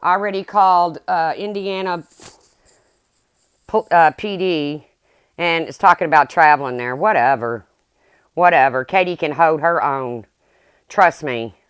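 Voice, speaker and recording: A woman's voice: low voice, a little slow, long pauses, fairly bright tone, smooth, dry recording. A middle-aged woman ranting bluntly and heatedly on her livestream, swearing as she talks to her viewers. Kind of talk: angry livestream rant.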